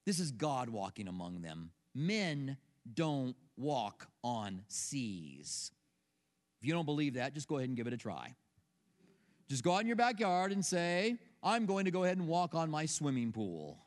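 A man's voice: medium pitch, very animated, moderate pace, long reverb tail. A middle-aged male pastor preaching a sermon, telling stories conversationally and asking rhetorical questions. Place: church sanctuary.

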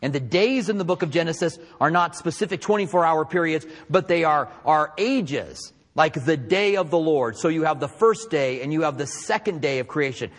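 A man teaching from the Bible in a conversational, animated preaching style with emphatic asides. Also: a little high, moderate pace, big-room sound. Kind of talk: sermon.

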